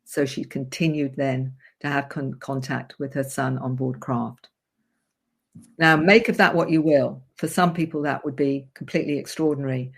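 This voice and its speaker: A woman's voice: rumbling low, steady tone, moderate pace, creaky, husky. A woman therapist, a guest on a radio show, earnestly recounting a client's story in vivid detail. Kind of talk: interview storytelling.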